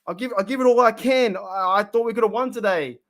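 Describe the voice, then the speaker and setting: An Australian man streaming from his room, ranting bluntly about his team, his voice rising loud and dropping to a mutter. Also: sits high, fast talker. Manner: fired-up, blunt, swings between loud and muttered. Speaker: sports fan streamer. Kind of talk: emotional live-stream rant.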